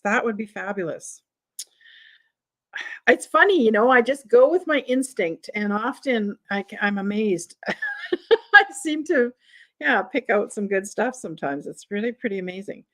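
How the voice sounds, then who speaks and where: Slow-talking woman hosting a vintage sale. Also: a little high, fairly bright tone. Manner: chatty, reads prices and lot numbers to viewers. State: has the hiccups. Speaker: live sale host. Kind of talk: live-streamed vintage sale chat.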